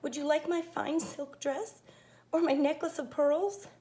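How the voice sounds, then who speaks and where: A woman's voice: sits high, a little slow, voice pushed up. A woman doing a spoiled young princess. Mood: tearful. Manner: expressive storybook voicing.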